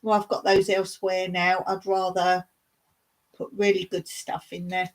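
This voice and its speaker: A woman's voice: fairly low pitch, little pitch movement, normal speed, poor audio. A woman chatting casually with viewers on a live stream, rambling from one thing to the next and laughing often. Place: rural smallholding.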